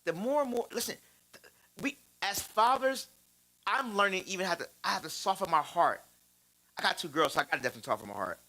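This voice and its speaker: Bright-voiced man preaching with lively stories. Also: high-pitched, fast, low-quality recording. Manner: animated, laughing, repeats phrases for emphasis. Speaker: church speaker on fatherhood.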